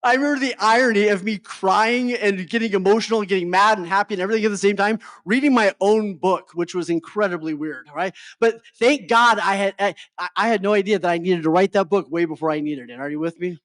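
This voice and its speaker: A man's voice: high voice, fairly quick, hardly any pauses, fairly bright tone, dry recording, studio quality. A middle-aged man giving a motivational talk to a live audience as a life coach. He keeps checking in with his listeners and often stumbles over and repeats his words.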